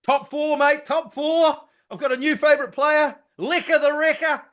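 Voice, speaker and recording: Excitable high-voiced New bloke. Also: male voice, moderate pace. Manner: excitable, loud, swears freely, mimics people. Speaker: podcast co-host. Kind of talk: casual sports chat.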